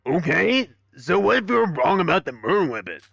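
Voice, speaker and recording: Excitable, swearing young man gaming. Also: sits high, fairly quick, creaky, a crowd in the background. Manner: excitable, swearing, mock-outraged. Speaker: let's play gamer voicing a fan game. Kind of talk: live game playthrough with character voices. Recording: dull, dry close-mic sound.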